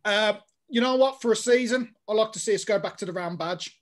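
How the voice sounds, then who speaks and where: A man's voice: high-pitched, a little fast. A man in a casual chat, telling a story with energy and acting out the other people's lines. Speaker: podcast guest.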